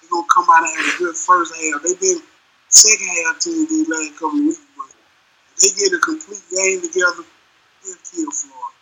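A man's voice: on the high side, expressive, a little fast, pushed and bright, husky, poor audio. A man giving his picks in casual sports banter, laid-back and drawling. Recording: noticeable background noise.

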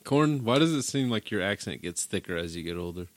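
A man's voice: lowish voice, lively intonation, a little fast. A man hosting a podcast in casual, joking chat, swearing often and laughing a lot. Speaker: podcast host.

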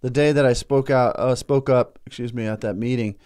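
A man's voice: medium pitch, brisk, clean tone. A man co-hosting a talk show, chatting casually and acting out the voices of people in his stories. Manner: animated storyteller, acts out quoted voices. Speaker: co-host. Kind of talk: casual chat.

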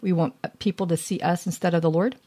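Lively woman talking faith. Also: lowish voice, fast. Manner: lively, earnest, laughs easily. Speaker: co-host of a women's faith talk. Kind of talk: casual faith chat.

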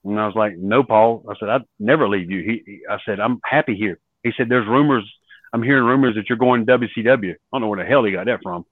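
A man and former wrestler, a podcast guest, telling lively stories and acting out what others said. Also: fairly low pitch, fast, no room sound. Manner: animated storyteller acting out quoted voices. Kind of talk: storytelling in an interview. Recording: dry tinny phone-like line.

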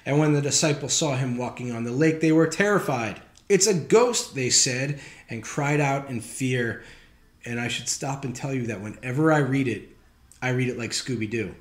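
A man's voice: medium pitch, normal speed. A man preaching a sermon as pastor, talking casually and wryly, reading scripture with emphasis. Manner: conversational, wry, reads scripture with emphasis. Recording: roomy echoey sound.

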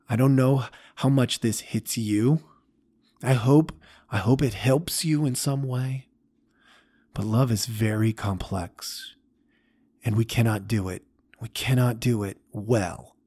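A man hosting a podcast, telling a story in an earnest, halting way with restarts. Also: on the low side, darkish tone, slightly rough. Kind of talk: storytelling talk.

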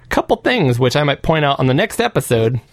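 A man's voice: on the high side, sing-song, quick pace, no room sound, studio quality. A man co-hosting a casual podcast about retro games, laughing often and reading out lists of titles. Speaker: podcast co-host. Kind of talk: casual chat.

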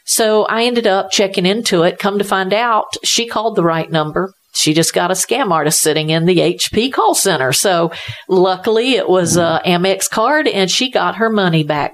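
A woman's voice: lowish voice, normal speed. A woman who runs a tech support business for seniors, talking earnestly in a conversational interview and repeating her points for emphasis.

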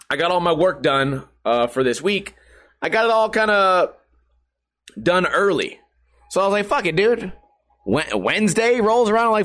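A young man hosting a podcast, telling rambling, profane stories in a tired, low-energy way. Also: a bit bright. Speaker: podcast host. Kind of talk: casual storytelling monologue.

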